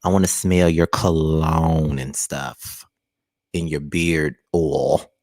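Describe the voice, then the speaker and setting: A man's voice: rumbling low, darkish tone, no echo, studio quality. A man hosting casual reaction commentary, joking and teasing bluntly with some profanity. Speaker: commentary channel host.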